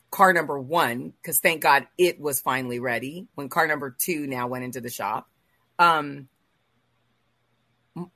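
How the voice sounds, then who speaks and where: A woman hosting a faith talk show, telling a personal story in an emotional, animated way with quoted asides. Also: low voice, no echo. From Los Angeles area. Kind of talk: casual storytelling in a group chat.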